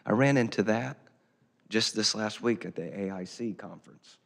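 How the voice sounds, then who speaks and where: Low voiced commissioner guy at a council meeting, folksy and emphatic, big echoey hall. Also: moderate pace, creaky, fairly bright tone. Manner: folksy, emphatic, repeats himself for effect. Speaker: county commissioner. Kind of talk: public meeting remarks. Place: county council chamber. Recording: hall reverb.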